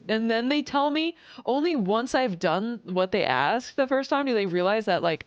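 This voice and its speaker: A woman's voice: mid-range voice, animated, a little fast, no echo, lo-fi sound. A woman streaming live, chatting casually with viewers, reading chat aloud and swearing as she acts out customers.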